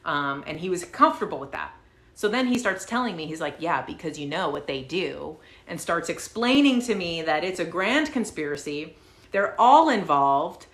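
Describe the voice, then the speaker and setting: Lady host rambling thru a wild story, kinda low voice, cussing n saying like a lot, echoey room. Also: moderate pace, slight background noise. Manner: animated, swears casually, fillers like "like". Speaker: channel host. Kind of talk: casual storytelling to viewers. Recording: roomy echo.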